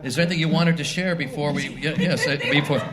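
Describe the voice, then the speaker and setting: A man's voice: fairly high pitch, quick pace, over a noisy crowd. A man chatting casually on a live theater stage, chuckling and rambling. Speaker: performer and guest. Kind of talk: casual onstage chat. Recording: live venue, loud audience noise.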